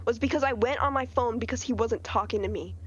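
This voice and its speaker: A teenage girl telling a story as a podcast guest in casual chat, animated and acting out what people said. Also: on the high side, fast, dull audio. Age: teens. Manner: animated, quotes people in changing voices.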